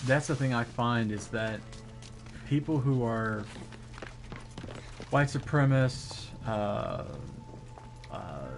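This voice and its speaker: A man's voice: mid-range voice, expressive, slow, gravelly, pauses often, over music. A man chatting casually with his viewers while gaming, rambling with lots of fillers and restarts. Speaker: live streamer.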